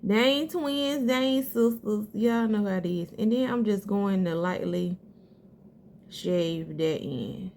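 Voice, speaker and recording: A woman's voice: mid-range voice, slow pace, a little mellow, a little hiss or hum. A woman talking viewers through her eyebrow routine in a casual, chatty way, calling them girl and sis. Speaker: beauty vlogger. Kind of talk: casual makeup tutorial.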